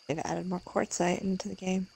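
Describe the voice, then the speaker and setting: A woman's voice: on the low side, fairly even intonation, moderate pace, vocal fry, mellow, a little hiss or hum, low-quality recording. A woman chatting casually on a game stream, blunt and sarcastic, laughing often. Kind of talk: casual chat.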